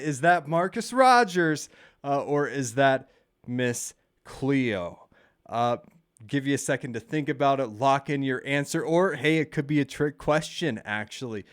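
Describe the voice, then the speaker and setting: A man's voice: measured pace, smooth, no echo, studio quality. Chatty man hosting a casual quiz. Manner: chatty, peppered with "hey" and "uh", lively pitch swings. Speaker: channel host running a quiz game.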